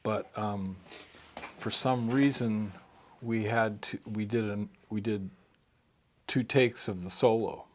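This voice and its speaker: Male musician guest, low-pitched, casual interview storyteller who rambles and restarts. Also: fairly even intonation, slow, pauses often. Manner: rambling, full of restarts and asides. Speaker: harmonica player and musician.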